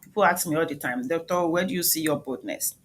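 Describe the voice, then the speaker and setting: A woman's voice: sits low, quick pace, slight background noise. A woman with a Nigerian accent giving an emphatic motivational talk, questioning the audience directly. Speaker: speaker, doctor.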